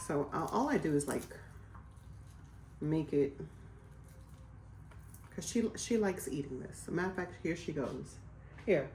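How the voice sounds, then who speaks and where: A woman's voice: low voice, expressive, unhurried, pauses often, darkish tone, reverberant, a little hiss or hum. A woman in her forties, chatting casually as a vlogger while cooking at home, rambling with lots of fillers. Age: 40s.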